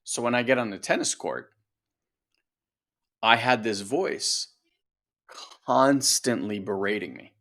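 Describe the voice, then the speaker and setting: A man talking casually as a coach on a podcast, animated and conversational. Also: mid-range voice, slow, pauses often. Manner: animated, acts out voices, conversational. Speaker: coach and co-host.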